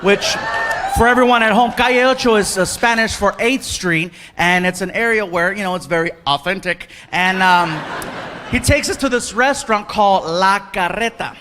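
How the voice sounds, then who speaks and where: A man doing stand-up storytelling on stage, animated, acting out voices and yelling punchlines into a handheld mic. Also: sits high, normal speed. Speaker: stand-up comedian. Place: theater stage. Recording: live show with loud crowd and noise.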